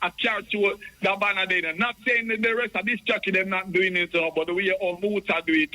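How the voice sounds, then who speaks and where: A Jamaican man calls in to a radio show in a high, bright voice. He rambles on and trips over repeated words as he speaks. His talk circles back on itself. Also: poor audio. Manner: rambling, stammering repetitions. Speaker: caller. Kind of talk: call-in radio chat.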